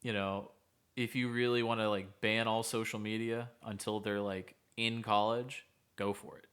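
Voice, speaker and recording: A man with a low voice co-hosts a casual podcast. He speaks as a therapist, earnest and measured, and lays out advice step by step. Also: little pitch movement, fairly bright tone, clean tone.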